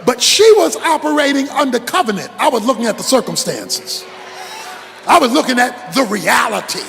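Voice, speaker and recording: An older man preaching a sermon, impassioned and shouting for emphasis. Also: very high-pitched, expressive, moderate pace, creaky, in a large hall, soft background music. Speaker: pastor.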